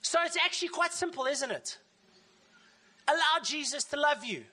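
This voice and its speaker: A woman pastor preaching a sermon in a lively way, often acting out the voices of the people she quotes. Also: sits high, moderate pace.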